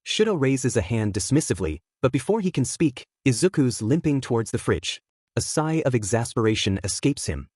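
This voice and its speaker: A man narrating a fan fiction story aloud in a steady, even storytelling manner. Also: medium pitch, a little fast, breathy edge, no room sound, clean studio sound. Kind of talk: audiobook reading of fan fiction.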